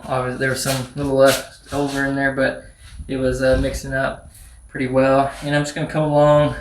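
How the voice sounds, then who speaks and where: A man with a flat, level delivery walks through a repair job in a casual how-to style, filling his talk with "like" and "um." His voice bounces around an echoey garage workshop. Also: mid-range voice, far from the mic, slight background noise. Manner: rambling, many fillers like "like" and "um". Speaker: YouTuber restoring a truck.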